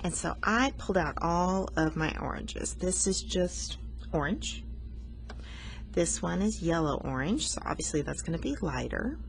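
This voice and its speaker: A woman's voice: lowish voice, expressive, moderate pace, vocal fry, hardly any pauses. A woman art teacher talking students through a coloring lesson, patient and explanatory, teasing herself now and then.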